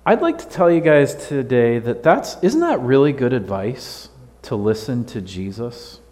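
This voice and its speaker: A man's voice: mid-range voice, very animated, unhurried, a little mellow. A man giving a casual children's sermon in a church, playful and chatty, often asking the kids questions. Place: church sanctuary. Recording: long hall reverb.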